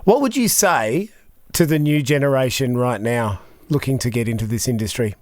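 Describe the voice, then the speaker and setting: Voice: mid-range voice, lively intonation, normal speed, darkish tone, no echo, studio quality. A podcast co-host speaking in a teasing, upbeat way. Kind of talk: casual interview chat.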